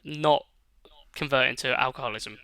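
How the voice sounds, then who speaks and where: A man co-hosting a gaming podcast, chatting casually, animated and laughing often, with some swearing. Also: mid-range voice, moderate pace, creaky, smooth, no room sound. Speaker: podcast co-host. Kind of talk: casual chat.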